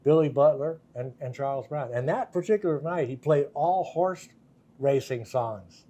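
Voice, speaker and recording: An older man with a slightly high voice tells loose, rambling stories as a guest in a casual interview. He laughs often and slips into the voices of the people he is quoting. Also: lively intonation, normal speed, mellow. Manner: laughing, acts out quoted voices in anecdotes. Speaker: guest guitarist.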